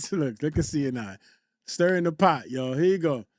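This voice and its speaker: Male streamer, high voice, dry close sound; casual slangy chat-reader who repeats himself and shouts out viewers. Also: expressive, normal speed, no echo. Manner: loose slangy banter, repeats phrases, frequent shout-outs. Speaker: livestream host. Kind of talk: casual livestream commentary, reading chat aloud. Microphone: desktop USB condenser mic.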